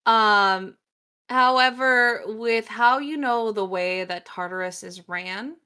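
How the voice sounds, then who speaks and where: Woman game master, high bright voice, unhurried, calls for rolls casually. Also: clean tone. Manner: casual, swears, asks for rolls. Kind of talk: running a tabletop game.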